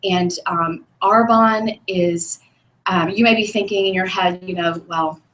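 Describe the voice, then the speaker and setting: A woman's voice: mid-range voice, steady tone, unhurried, a bit bright. A woman giving an earnest personal testimony at a sales meeting, hesitant and full of ums, recorded from a distance. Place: meeting room, speaking up front. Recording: echoey room from a distant mic.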